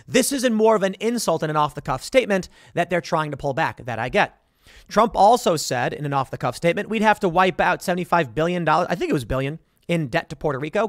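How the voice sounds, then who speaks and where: Male commentator, emphatic and sarcastic, lively delivery in a dry, close recording. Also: on the high side, dry recording. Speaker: political commentator. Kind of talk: reading and reacting to headlines.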